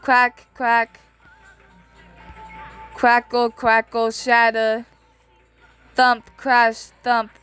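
A woman's voice: on the high side, monotone, very slow, pauses often, a bit bright, smooth. A woman reading a manga aloud, speaking its sound effects, with faint music behind. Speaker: reader.

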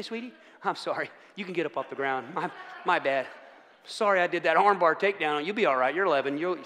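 A man's voice: fairly high pitch, a bit bright. A man preaching a casual, joking sermon, often asking the room for agreement. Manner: chatty, self-mocking, asks the room for agreement. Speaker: pastor. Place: church sanctuary. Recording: long church hall reverb.

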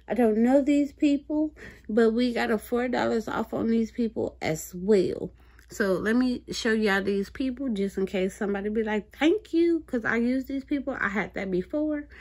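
Woman, chatty coupon vlog, talking right to viewers. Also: fairly high pitch. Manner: chatty, animated, talks straight to viewers. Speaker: couponing vlogger. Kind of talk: casual coupon review.

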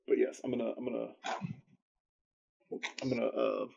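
A man's voice: mid-range voice, little pitch movement, moderate pace, vocal fry, mellow, husky, highs cut off. A man playing in a tabletop roleplaying game, talking casually and hesitantly. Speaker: player.

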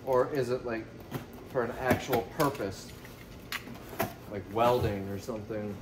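A man's voice: mid-range voice, measured pace, heavy background noise. A man giving casual, joking commentary while unboxing items for resale, thinking aloud as he goes. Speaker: reseller vlogger.

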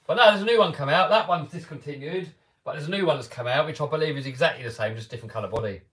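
An English man hosting an RC car YouTube live stream chats casually and upbeat with his viewers, full of restarts and fillers. His voice sits on the high side, fairly bright, and comes out rapid-fire.

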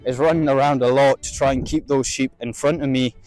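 A man training a sheepdog outdoors, explaining each step and calling out drawn-out commands to his dog between explanations. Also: medium pitch, fairly even intonation, a little mellow, no room sound, faint music behind. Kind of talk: outdoor instructional demonstration.

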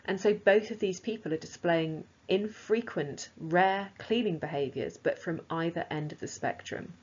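A woman's voice: fairly low pitch, moderate pace, breathy edge. A woman teacher explaining a lesson in a casual, chatty way, with frequent fillers. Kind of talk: recorded lesson. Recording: slightly dull lo-fi sound.

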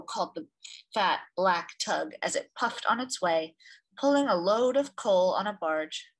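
A woman hosting storytime, reading a picture book aloud to children in an expressive, gentle way. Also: mid-range voice, measured pace. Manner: gentle, expressive reading with lively voices for sounds.

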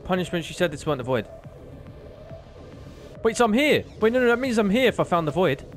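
A young man streaming a game live, excitable and swearing often, talking to the creatures on screen. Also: sits high, fairly quick, faint music behind. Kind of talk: live gameplay commentary.

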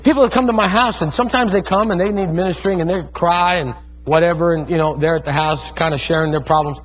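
A man's voice: fairly high pitch, fast talker. A man in his thirties preaching a sermon, calling out to the congregation and telling stories with fervent energy. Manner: fervent, calls out to congregation, storytelling. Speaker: pastor. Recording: dull lo-fi sermon recording.

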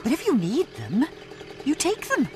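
A woman voicing a kind, motherly farm woman in a cartoon, bright and friendly. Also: high voice, huge pitch swings, normal speed, background noise. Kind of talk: cartoon voice acting.

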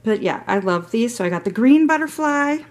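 A woman's voice: fairly high pitch, expressive, brisk. Middle-aged lady vlogging her haul, chatty, gushes over everything, rambles a bit. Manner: chatty and gushing, rambling asides. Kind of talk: casual show-and-tell vlog.

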